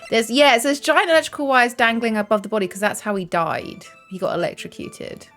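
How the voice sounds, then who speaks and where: A woman's voice: a little high, brisk, fairly bright tone, faint music behind. A British woman live-streaming a courtroom game, chatty and self-mocking, laughing often. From Britain.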